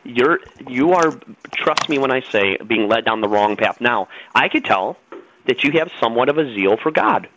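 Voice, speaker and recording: A man's voice: medium pitch, expressive, normal speed, background noise. A middle-aged man, a guest on a radio talk show, lecturing in a preachy, insistent way.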